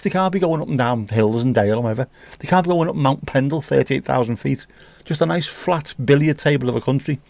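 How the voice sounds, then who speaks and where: A man's voice: mid-range voice, fast talker, gravelly, a little mellow, no echo. A man hosting a livestream, chatting casually and teasing as he reads out viewer comments with sweary banter. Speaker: livestream host.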